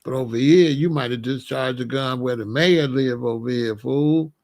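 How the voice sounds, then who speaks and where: A man's voice: medium pitch, normal speed, vocal fry. A man giving casual, slangy commentary, often acting out the people he talks about. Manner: animated, slangy, acts out quoted voices.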